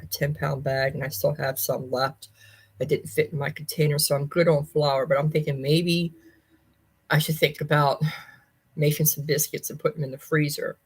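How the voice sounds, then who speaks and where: A woman talks straight to her viewers in a loose, rambling way. Her voice is husky and breathy, and her words come out heartfelt and heavy with grief. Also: low voice, low-quality recording. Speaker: vlogger. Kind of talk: casual personal update.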